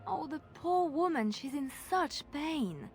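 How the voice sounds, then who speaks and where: A soft game companion. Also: female voice, sits high, expressive, slow pace. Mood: pitying. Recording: game audio under loud music.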